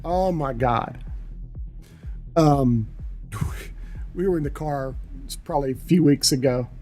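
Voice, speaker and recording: A man's voice: mid-range voice, slow, a little mellow, faint music behind. A middle-aged man chatting casually on a livestream, telling rambling, profane stories. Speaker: livestream host. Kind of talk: casual chat.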